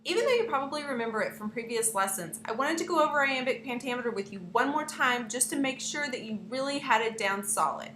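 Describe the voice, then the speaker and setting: A woman's voice: sits high, expressive, fast, hardly any pauses, a bit bright. A young woman, teaching a lesson to her students in a playful way and speaking to them directly. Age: young adult. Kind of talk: classroom lesson narration. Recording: echoey room with faint hiss.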